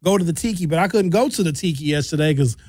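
A middle-aged man hosting a radio show, talking in an animated, opinionated way and sometimes acting out other people's voices. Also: a little high, fast, dry recording. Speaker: radio host. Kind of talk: casual talk radio banter and commentary.

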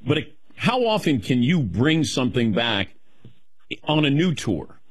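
A man's voice: mid-range voice, very animated, unhurried, breathy edge, no echo. Man, interview host, easygoing questions, dry close sound. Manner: laughs easily, playful questions. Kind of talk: casual interview chat.

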